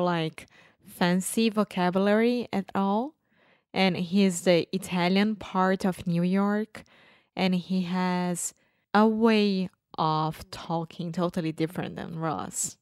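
Slow, smooth woman. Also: fairly low pitch, steady tone, a little mellow, dry recording, clean studio sound. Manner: repeats words, simple phrasing. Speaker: podcast co-host. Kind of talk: casual chat.

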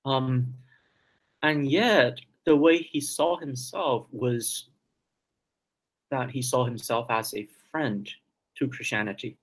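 A man's voice: mid-range voice, takes it slowly, long pauses, poor audio. A man being interviewed as a guest scholar, talking hesitantly with many ums and repeated words. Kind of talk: interview discussion.

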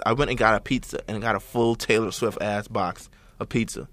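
A man's voice: fairly low pitch, fairly even intonation, moderate pace, bright, forceful tone, dry recording. Profane joking male podcast co-host. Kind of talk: casual chat.

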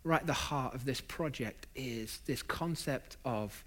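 A man's voice: mid-range voice, measured pace, a bit bright. A man preaching a sermon, stacking up emphatic lists of phrases and dropping in self-deprecating asides.

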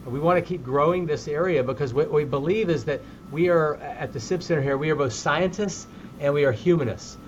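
A middle-aged male doctor speaks earnestly in an interview, doubling back on his opening words. His voice sits at an ordinary pitch. The sound is slightly muffled, with a faint hiss behind it over the call. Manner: sincere, repeats words when starting sentences. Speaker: physician guest.

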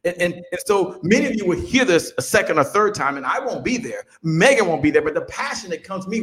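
A man in his fifties, a business guest on an interview show, telling stories in an animated motivational way and often repeating words as he builds up. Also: high-pitched, fast talker, hardly any pauses. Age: 50s. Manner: animated storyteller, repeats words when excited.

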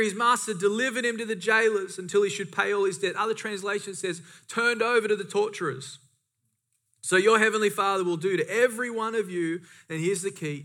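Man, pastor, sermon, emphatic repetition, high pitch. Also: brisk, pushed and bright. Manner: preaching with emphatic repetition and asides.

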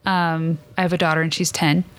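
A woman in her thirties co-hosting a podcast in casual chat, telling a story in an animated way and acting out quotes with laughter. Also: deep voice, brisk. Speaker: podcast co-host.

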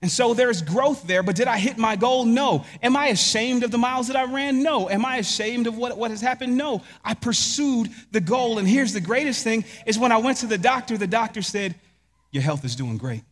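Brief: male pastor, high voice, emphatic sermon delivery, rhetorical questions, long hall reverb. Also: a little fast, hardly any pauses, a bit bright.

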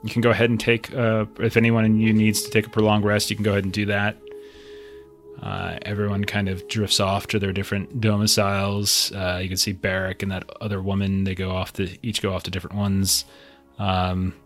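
A man's voice: on the low side, monotone, fairly quick, soft background music. A man narrating as game master of a tabletop game, describing scenes in a loose, meandering way with many fillers.

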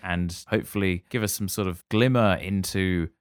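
Deep smooth-voiced playful male podcaster. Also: normal speed, dry recording, studio quality. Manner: playful, theatrical speculation. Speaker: podcast co-host. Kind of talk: comedic podcast banter.

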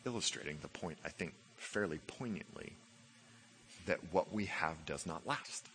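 A man preaching a sermon, building to loud emphatic passages and dropping to low, quiet stretches. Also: animated, moderate pace, a little hiss or hum. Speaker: pastor.

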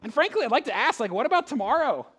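A man preaching a conversational sermon, asking the room rhetorical questions and swinging between loud emphasis and hushed asides. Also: extremely high pitch, big pitch swings, quick pace, slightly rough. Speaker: pastor.

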